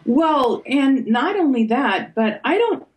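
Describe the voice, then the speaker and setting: An older woman, an author and podcast guest, talking reflectively and pausing with fillers as she thinks. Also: sits high, very animated, rough recording. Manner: thoughtful, hesitant, with fillers and soft laughs. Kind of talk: reflective conversation.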